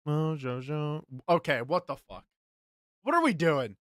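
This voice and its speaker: A man's voice: a little high, big pitch swings, measured pace, a bit bright, dry recording, studio quality. A young man live-streaming, chatting to his viewers as he guesses games, muttering and swearing at misses. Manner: hums game tunes under his breath.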